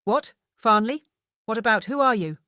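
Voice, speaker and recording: A woman voicing a stern, posh lady in her late sixties, who talks in a crisp, clipped way and barks orders, in an audiobook. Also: a little high, animated, moderate pace, pushed and bright, no echo, clean studio sound, voice pushed up. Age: 60s.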